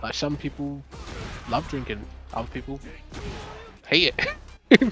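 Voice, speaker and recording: A man's voice: medium pitch, measured pace, music in the background. A man, chatting loosely with viewers on a live stream, full of fillers and restarts. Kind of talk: casual chat with viewers.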